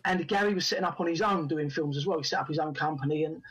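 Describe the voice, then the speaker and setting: A man tells anecdotes at a rapid clip in a fairly high, husky voice. He slips into the voices of the people he quotes as he goes. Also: poor audio. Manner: animated anecdotes, acts out quoted dialogue. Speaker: actor and writer guest. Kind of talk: storytelling in a podcast interview.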